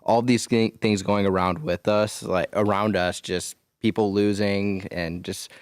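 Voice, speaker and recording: An earnest male podcast guest with a lowish voice. He answers in plain, loose phrases and circles back to his point as he talks. The sound is dry and close to the mic. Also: steady tone, measured pace, smooth, dry recording. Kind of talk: casual interview answers.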